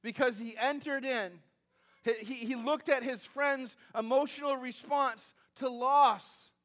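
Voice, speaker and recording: A man with a very high-pitched, slightly bright voice preaches a little slowly and with fairly even intonation. As a pastor he keeps it conversational, using asides and self-mocking humor, often repeating himself and restarting as he builds each point.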